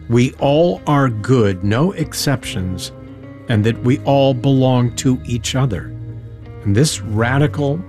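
A man hosting a podcast, asking thoughtful questions and narrating in a measured way. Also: mid-range voice, darkish tone. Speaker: podcast host. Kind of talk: interview and scripted narration.

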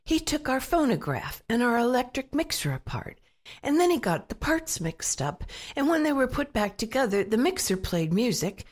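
Chatty, cheerful mother of a big brood, husky voice; woman reader puts her on. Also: fairly high pitch, pitched above the performer's own voice.

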